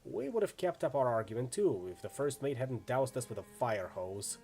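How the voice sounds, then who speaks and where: A man's voice: mid-range voice, big pitch swings, normal speed, dark tone. Man voicing a brash female mercenary. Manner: chatty, wry storytelling. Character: brash tough female mercenary, story-loving.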